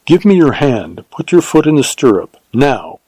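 A male narrator giving voice to a devoted frontier ranger in a western audiobook, speaking in a quiet, earnest and steady way. His tone is mellow and warm. The recording is close and dry. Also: medium pitch, moderate pace, husky, dry recording, voice pushed up. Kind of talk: audiobook character reading.

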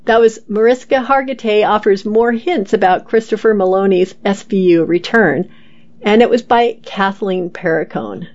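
A woman volunteer reader works through entertainment news articles aloud. She keeps a steady, even pace and carries quotes in the same plain tone. The recording is a little dull and lo-fi. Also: medium pitch, normal speed.

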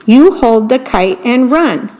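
A woman's voice: fairly high pitch, slow pace. A woman voicing a patient, encouraging male frog in a children's storybook reading. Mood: calm. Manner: calm, encouraging.

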